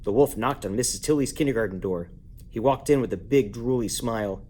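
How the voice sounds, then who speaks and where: A man reading a children's book aloud at bedtime at home, lively and playful, jumping up in pitch to give each character a voice. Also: fairly quick. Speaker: parent reading a bedtime story. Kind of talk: bedtime story read-aloud.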